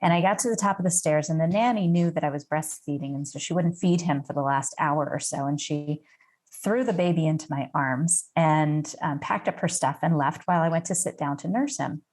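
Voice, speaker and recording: A middle-aged woman from the United States tells a personal story as a podcast guest. Her voice sits a little low, and she talks in an unhurried, reflective way with the odd "um". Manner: warm personal storytelling with fillers. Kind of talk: storytelling in an interview.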